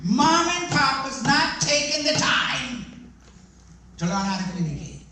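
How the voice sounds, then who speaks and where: A man giving a lively presentation to an audience, joking and questioning the listeners as he talks. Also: very high voice, a little slow. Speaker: speaker on deaf ministry. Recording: echoey hall, voice from far off.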